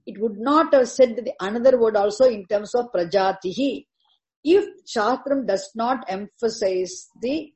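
A woman's voice: fairly high pitch, warm tone, low-quality recording. A woman teaching a scripture commentary, explaining each term carefully and repeating words for emphasis. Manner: deliberate, repeats terms and explains each word.

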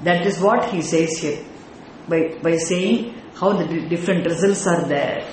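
Indian English male teacher, high voice, slow deliberate lecture, very echoey room with faint noise. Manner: animated, explains Sanskrit terms word by word with rhetorical questions. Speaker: Vedanta teacher. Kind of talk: scripture class lecture.

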